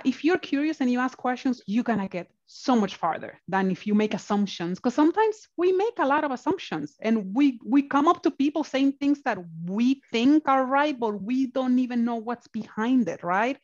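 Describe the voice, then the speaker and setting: A woman's voice: medium pitch, darkish tone, lo-fi sound. A woman guest speaker in a motivational panel conversation on a video call, encouraging and often checking in with "right?".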